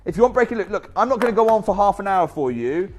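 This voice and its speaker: A man presenting a live shopping channel, chatty and energetic with off-script asides. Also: high-pitched, quick pace, a little hiss or hum.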